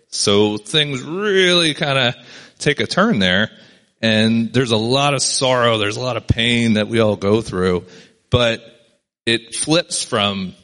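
A pastor with a medium-pitched, fairly bright voice speaks slowly to a gathered group. His sermon is casual and conversational, and he reads and explains a passage while often checking in with "right?"

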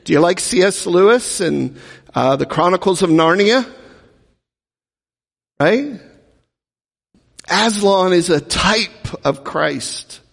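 A man's voice: sits high, lively intonation, takes it slowly, creaky, pauses often, a bit bright, big-room sound. A man preaching a teaching sermon, talking in a conversational way and often asking the audience questions. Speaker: pastor teaching a Bible class.

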